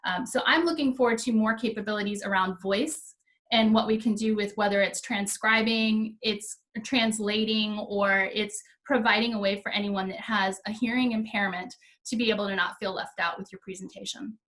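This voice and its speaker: A woman guest, an expert trainer, explaining software tools in a practical, clear way during a video call interview. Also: mid-range voice, fairly even intonation, normal speed. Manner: clear, practical, laughs easily. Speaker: guest, Microsoft Office trainer.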